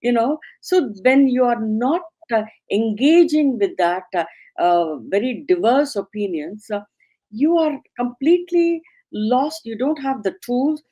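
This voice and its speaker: Woman from India, professor, reflective, halting, filler-heavy speech. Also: fairly high pitch, lively intonation, warm tone, low-quality recording. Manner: hesitant, many fillers, thoughtful. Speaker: professor and guest. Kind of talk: reflective interview talk.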